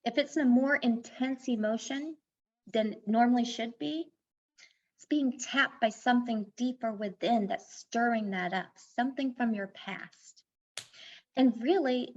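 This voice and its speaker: A woman's voice: fairly high pitch, a little mellow. A woman life coach being interviewed on a podcast, explaining things earnestly and mixing advice with personal stories. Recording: dull lo-fi sound.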